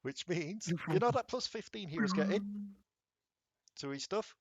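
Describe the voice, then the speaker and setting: A man's voice: sits high, lively intonation, slightly rough, no room sound, highs cut off. A man running a tabletop game as game master, narrating and rolling dice with a chatty, laughing manner. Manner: chatty, laughs often, quick bursts of rules talk.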